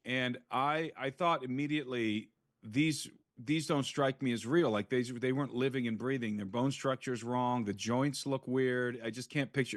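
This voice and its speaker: A man's voice: medium pitch, no echo, clean studio sound. A man speaking as an interview guest, giving an earnest, frank first-hand account in conversation.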